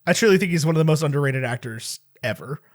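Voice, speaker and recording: High-voiced man, wry and casual. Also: expressive, fast talker. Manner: wry, correcting, dry humor. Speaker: podcast co-host. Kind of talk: casual chat.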